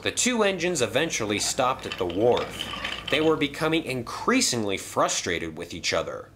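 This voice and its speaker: A man narrating a toy train story in a lively storytelling manner. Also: mid-range voice, normal speed, noisy background.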